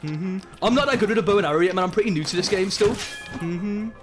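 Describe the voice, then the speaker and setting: A young man from Birmingham with a Birmingham accent, chatting excitably and in slang while streaming a game. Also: sits high, fast talker, faint music behind. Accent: Birmingham English. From Birmingham, England. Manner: excitable, slangy, many hums of agreement. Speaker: live streamer. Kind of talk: casual gaming stream chat.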